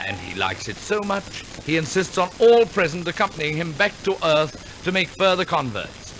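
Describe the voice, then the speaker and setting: A man's voice: fairly high pitch, big pitch swings, normal speed, music in the background, low-quality recording. A man announcing and narrating a 1940s radio musical, telling the story theatrically with wry asides. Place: radio studio.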